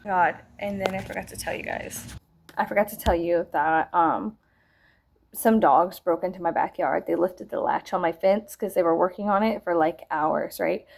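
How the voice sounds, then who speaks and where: A woman, vlogging a casual, profane storytime rant, animated and exaggerating as she talks. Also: fairly low pitch, normal speed, creaky.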